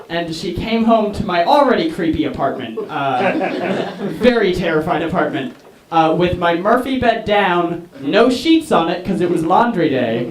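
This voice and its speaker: A man doing a rambling, self-deprecating stand-up set, chatting with the audience. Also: on the high side. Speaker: stand-up comedian. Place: small comedy venue. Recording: echoey venue mic from a distance with loud noise. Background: loud audience laughter and noise.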